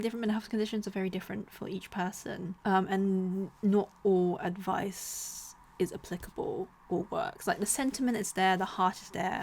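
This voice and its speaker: A young woman talks casually to camera about her books, chatty and animated. She often drops into whispered asides between livelier bursts. Her voice sits at an ordinary middle pitch. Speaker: book vlogger. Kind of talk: casual chat.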